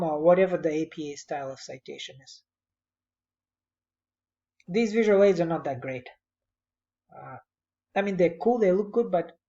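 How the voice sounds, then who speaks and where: A man's voice: on the high side, dark tone. Man giving encouraging feedback, lo-fi laptop sound. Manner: conversational and encouraging. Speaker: instructor. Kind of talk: spoken feedback to a student. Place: at a computer.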